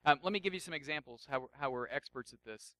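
A man preaching a sermon in a high, bright voice. He talks casually and jokes with the room, then drops soft and intense. The sound is dry and close. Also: quick pace, no echo. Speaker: pastor.

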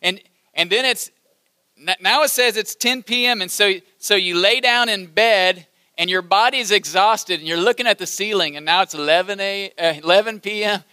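A male preacher with a strikingly high, bright voice delivers an animated sermon, repeating phrases and leading the room in call-and-response. The sound is close and dry. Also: normal speed, clear, resonant tone, no room sound. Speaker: campus ministry preacher. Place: large hall with balcony.

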